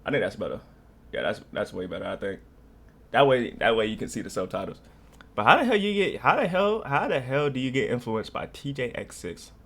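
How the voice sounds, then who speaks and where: A man's voice: mid-range voice, big pitch swings, fairly quick, fairly bright tone. A young man from North Carolina rambling in slangy casual reaction commentary. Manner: rambling, slangy, laughing storyteller. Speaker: reaction streamer.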